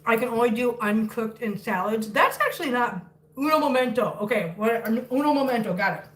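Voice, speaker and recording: This woman's voice is a little high and fairly bright, animated, and fairly quick. She hosts a live cooking stream in her home kitchen, chatting casually, laughing often, and cooing baby talk at her cats. The recording picks up an echoey room through a distant mic, with faint noise.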